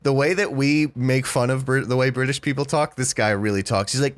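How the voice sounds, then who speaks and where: A man's voice: medium pitch, steady tone, normal speed, few pauses, no echo. A man co-hosting a podcast, blunt and wry in casual chat, swearing. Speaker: podcast co-host.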